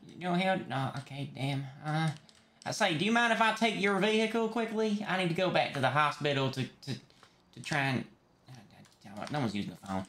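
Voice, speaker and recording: A man's voice: a little high, sing-song, moderate pace, fairly bright tone, roomy sound. A man streaming a role-play game, voicing a panicky, rambling young male doctor in a put-on accent with lots of stammered restarts.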